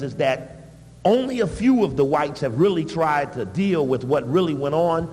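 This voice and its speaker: A man giving an animated, emphatic public talk with blunt asides. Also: fairly high pitch, in a large hall. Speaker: public speaker.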